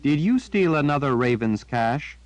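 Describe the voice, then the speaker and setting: A man's voice: on the high side, animated, moderate pace, no room sound, voice pushed up, natural voice. A man voicing a curious, spirited young girl who questions and scolds her pet raven in a raised, lighter voice. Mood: teasing scold.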